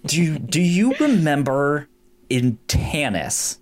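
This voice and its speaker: A man guesting on a podcast, speaking casually with halting, stammered restarts. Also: fairly high pitch, sing-song.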